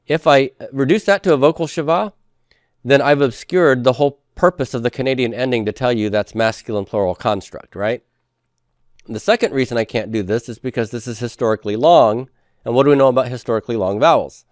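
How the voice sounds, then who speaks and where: A man's voice: medium pitch, dry recording, clean studio sound. A man giving a classroom lecture, asking his students questions and answering them himself. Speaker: professor.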